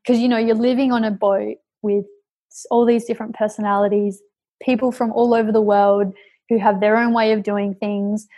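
Young woman guest, higher voice with a flat melody, chatty and casual, full of fillers. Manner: chatty, laughs often, many fillers. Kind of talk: casual conversational storytelling.

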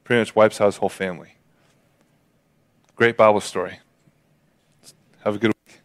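A man preaching a sermon, retelling a Bible story casually and acting out the characters' lines in quick voices. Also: fairly low pitch, steady tone. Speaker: pastor.

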